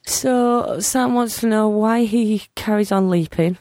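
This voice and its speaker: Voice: medium pitch, slow, darkish tone, dry recording. A podcast co-host in a casual discussion, recapping the plot and acting out quoted lines.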